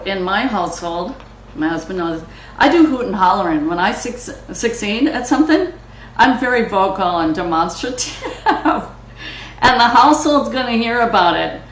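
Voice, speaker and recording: A woman's voice: mid-range voice, animated, normal speed, slight background noise. Frank motivational woman host, echoey room. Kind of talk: coaching talk.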